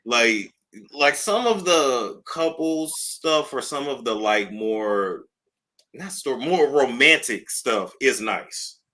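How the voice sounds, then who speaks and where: A man's voice: medium pitch, expressive, takes it slowly, sharp tone. A man co-hosting a casual chat, laid-back and slangy.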